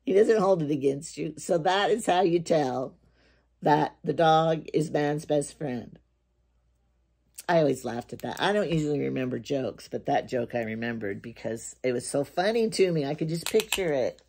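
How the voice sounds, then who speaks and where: An older woman chats to the camera in a rambling, homey way, hopping between her groceries, a joke and her nails. Her voice is mellow and soft-edged. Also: low-pitched, expressive, normal speed, gravelly, breathy edge. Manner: rambling, chatty, jokey. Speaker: vlogger. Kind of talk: casual chat to camera.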